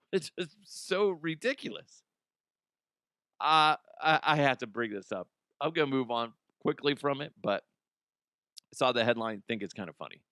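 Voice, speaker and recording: A man's voice: medium pitch, expressive, moderate pace, pauses often, sharp tone, no echo, clean studio sound. A man hosting a comedic news show, rambling bluntly through headlines, swearing and laughing at his own jokes. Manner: casual, blunt, frequent restarts. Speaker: host.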